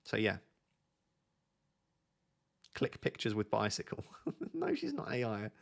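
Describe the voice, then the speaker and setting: A man's voice: lowish voice, huge pitch swings, takes it slowly, creaky. A man chatting casually on a live stream, waffling and joking as he answers questions from viewers.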